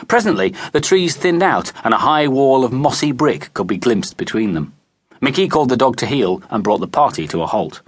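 A man narrating a children's audiobook in an expressive storytelling manner, recorded in a studio. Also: mid-range voice, normal speed, breathy edge, no room sound. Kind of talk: scripted narration. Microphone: close studio mic.

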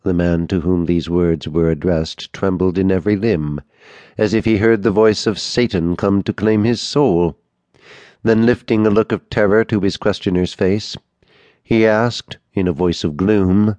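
A man narrating an audiobook in a measured, even storytelling manner, close to the mic. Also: sits low, no room sound. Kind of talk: scripted narration.

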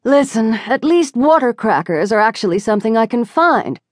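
A woman plays a plucky, tiny young woman with a bright, teasing lilt that leaps up and down in pitch. The voice is close and dry, with a quick, joking storybook manner. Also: big pitch swings, dry recording.

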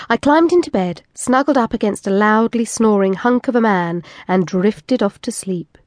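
A woman narrates a first-person erotic audiobook in an intimate, expressive way. Her voice sits in the middle range. The recording is dry and close, with no room echo. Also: mid-range voice, moderate pace.

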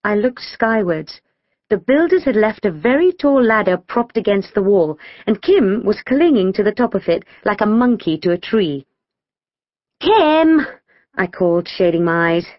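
A woman reads a children's story in the first person, her pitch bouncing all over. The studio sound is dry and a little dull, close and without room echo. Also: moderate pace. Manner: lively storytelling, voicing schoolgirl dialogue. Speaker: audiobook narrator.

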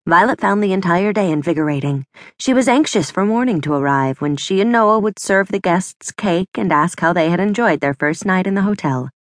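A woman narrating a children's adventure audiobook in clear, measured storytelling. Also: on the low side, animated, dry recording, studio quality. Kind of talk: scripted narration.

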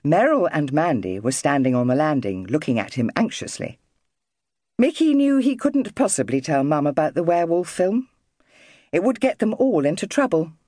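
A woman narrating a children's audiobook in an expressive storytelling manner. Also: low-pitched, moderate pace, no room sound, studio quality.

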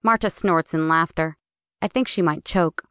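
A woman narrating a first-person audiobook in a smooth, somewhat low voice. Her delivery is clear and measured, recorded dry and close. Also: fairly bright tone, no echo.

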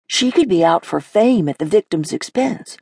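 A cocky twelve-year-old boy playing the prosecutor, sneering and theatrical, voiced by a woman in her lowish reading voice. The recording is close and dry. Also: animated, moderate pace, creaky, dark tone, slightly rough, no room sound, exaggerated voice. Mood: sardonic.

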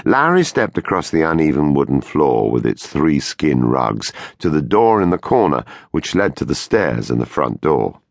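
Male thriller narrator: very deep, lively melody, dry studio sound, measured and suspenseful. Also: vocal fry, no echo. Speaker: audiobook narrator. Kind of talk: scripted audiobook narration. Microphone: close studio mic.

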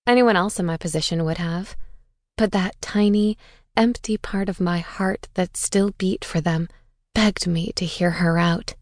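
Intense low-voiced woman narrating. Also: steady tone, unhurried, a little mellow, dry recording, clean studio sound. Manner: intense, bitter, dramatic. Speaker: audiobook narrator. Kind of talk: first-person audiobook narration.

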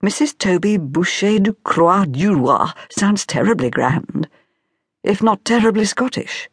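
A woman voicing a catty society woman in whispered role-play, hissing quick asides. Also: medium pitch, expressive, breathy edge, dry recording, studio quality, voice pushed up.

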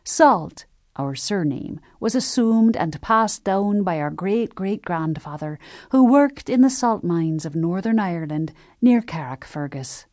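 A woman narrating a historical novel as an audiobook, telling the story in a measured, gentle first-person voice. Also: lowish voice, animated, no room sound, clean studio sound.

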